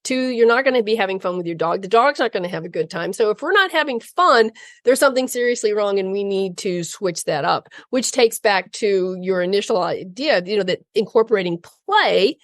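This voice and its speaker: A woman's voice: medium pitch, animated, fairly quick, no room sound. Reassuring woman co-host, dry sound. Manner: reassuring, explanatory. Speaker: podcast co-host and dog trainer. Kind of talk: casual conversational interview.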